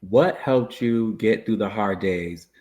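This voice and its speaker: Low-voiced, chatty man host. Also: takes it slowly. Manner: relaxed, chatty, laughs easily. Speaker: podcast host. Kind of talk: casual conversation.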